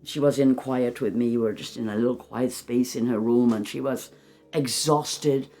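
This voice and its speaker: Gravelly, mellow spiritual channeler. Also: medium pitch, fairly even intonation, moderate pace. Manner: gentle, addresses listener as beloved; drops to a soft whisper.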